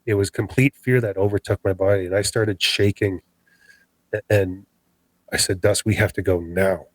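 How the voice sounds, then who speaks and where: A low-pitched man tells a first-hand story of a scary night outdoors, his delivery lively as he acts out every line of dialogue. The sound is dry and close, with no room around him. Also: moderate pace, no echo, poor audio. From Canada. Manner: animated, acts out quoted dialogue. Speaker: podcast guest. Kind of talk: storytelling an encounter.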